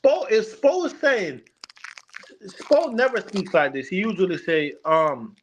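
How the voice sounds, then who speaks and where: A man's voice: high-pitched, lively intonation, a little slow, slight background noise. Emphatic, rambling man arguing basketball. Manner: emphatic, rambling, keeps repeating "listen". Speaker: co-host. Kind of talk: casual sports debate.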